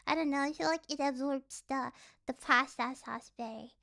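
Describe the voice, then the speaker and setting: A woman's voice: high-pitched, moderate pace, creaky, pushed and bright. A young woman streaming and chatting casually. She giggles often, plays around, and keeps tripping over her words.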